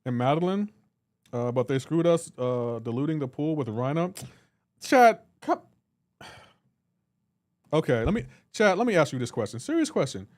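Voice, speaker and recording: A man's voice: medium pitch, animated, moderate pace, a little mellow, no echo, clean studio sound. A man on a live reaction stream, teasing and bantering with his chat and laughing often. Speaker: livestreamer.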